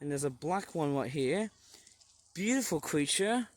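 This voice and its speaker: A man's voice: on the high side, lively intonation, measured pace, no room sound. A man vlogging on a walk around a farm, chatting with enthusiasm and cracking puns, recorded on a handheld tablet outdoors. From England. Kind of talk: casual narration while walking around a farm.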